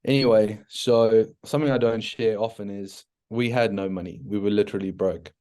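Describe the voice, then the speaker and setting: A South African man, probably in his thirties, tells his story as a podcast guest. His voice sits a little low, and he talks frankly and with energy, often circling back with "like" and restarting his sentences. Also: normal speed, clean tone. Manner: frank and animated, many restarts and "like" fillers. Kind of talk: casual storytelling interview.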